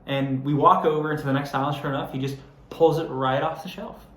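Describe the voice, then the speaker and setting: A man's voice: fairly high pitch, steady tone, fast, fairly bright tone, echoey room. A young adult man preaching a sermon, telling a self-deprecating story in a conversational way before turning earnest. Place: church hall.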